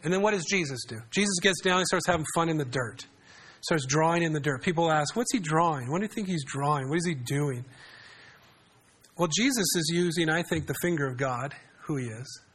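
A man's voice: on the high side, a little fast, fairly bright tone, breathy edge. A man preaching a sermon in a conversational way, often asking his congregation questions. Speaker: pastor.

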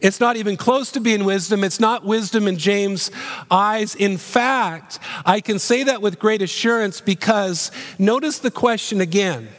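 A man's voice: high voice, unhurried, fairly bright tone, long reverb tail. A man in his fifties preaching a sermon as pastor, earnest and emphatic, driving points home with repeated rhetorical questions.

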